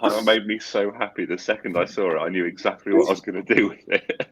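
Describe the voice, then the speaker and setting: A man's voice: fairly low pitch, steady tone, fast, a bit bright, very echoey, lo-fi sound, a little hiss or hum. A man co-hosting a casual chat, joking and teasing and laughing often. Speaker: co-host.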